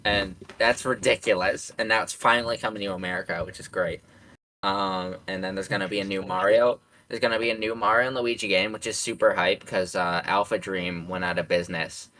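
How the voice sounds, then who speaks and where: A man's voice: low-pitched, fairly even intonation, brisk, bright, forceful tone, rough recording. A young man hosting a casual podcast chat, who rambles with lots of fillers, swearing and frequent laughter. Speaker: podcast host.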